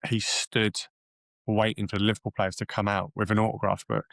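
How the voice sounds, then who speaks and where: Rambling, low-voiced male podcast storyteller. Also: a little fast, gravelly, dry recording. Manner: rambling, animated storyteller with many restarts. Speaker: podcast co-host. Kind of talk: casual chat.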